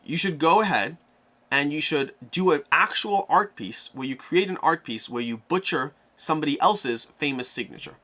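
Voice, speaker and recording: A man with a fairly high voice and normal pace fields viewer questions during a live-stream Q&A. He's animated and works through his thoughts aloud.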